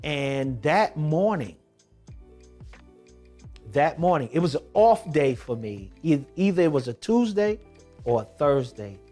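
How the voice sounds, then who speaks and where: A man telling a personal testimony in a vlog, moving from hushed tones to emphatic shouting. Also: on the high side, sing-song, slow pace, long pauses, soft background music. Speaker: documentary vlogger.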